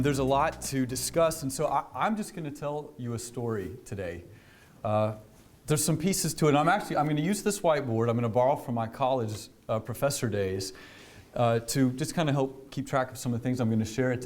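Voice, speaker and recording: A man addresses a business breakfast crowd in a relaxed storytelling manner. He pauses often with fillers and starts his sentences over. His voice sits in an ordinary middle pitch. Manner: conversational, with frequent fillers and restarts. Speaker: government official giving a speech. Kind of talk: storytelling speech to a business audience.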